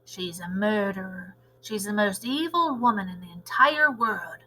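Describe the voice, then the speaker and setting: A woman reading aloud, voicing a loving older grandmother who speaks softly. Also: mid-range voice, measured pace, slight background noise, rough recording. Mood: hushed.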